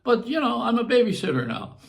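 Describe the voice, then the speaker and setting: A man's voice: very high voice, big pitch swings, fast talker, creaky. An older man, a longtime radio host from Buffalo with a New York accent, rambling through a casual monologue and chuckling as he digresses.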